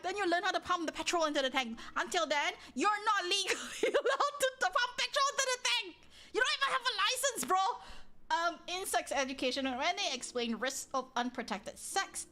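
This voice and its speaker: A woman hosting a live stream, chatting casually with viewers, rambling, breaking off mid-sentence and often laughing as she talks. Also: high-pitched. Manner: animated, rambling, frequent self-interruptions and exclamations. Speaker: livestream host. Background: soft background music.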